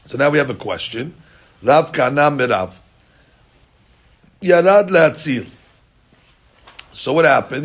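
A man teaching a daily Talmud class, an animated storyteller who mixes Hebrew and Aramaic into his English. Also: fairly high pitch.

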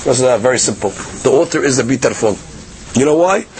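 A man giving a daily Talmud lesson, explaining in a lively conversational way with many fillers and restarts. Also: mid-range voice, brisk, slight background noise. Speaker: Talmud teacher.

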